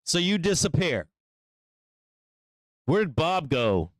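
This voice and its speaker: A man's voice: on the high side, sing-song, takes it slowly, dry recording. A man hosting a live trading show, talking through the market in a blunt, rambling, profane way.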